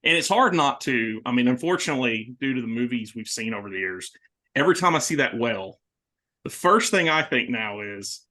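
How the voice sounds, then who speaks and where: A man hosting a horror movie podcast, talking casually and excitedly with many restarts. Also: medium pitch, brisk. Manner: rambling, animated, many restarts. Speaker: podcast host. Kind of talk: casual movie review chat.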